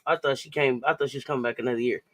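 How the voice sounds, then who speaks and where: A man's voice: medium pitch, fairly even intonation, very fast, no echo. A man co-hosting a casual sports talk show, loose and chatty, often repeating himself. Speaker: co-host.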